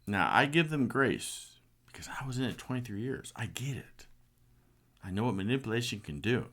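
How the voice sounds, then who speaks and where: A man's voice: mid-range voice, lively intonation, normal speed, a bit bright. A middle-aged man giving an earnest, passionate personal testimony. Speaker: speaker sharing a personal story.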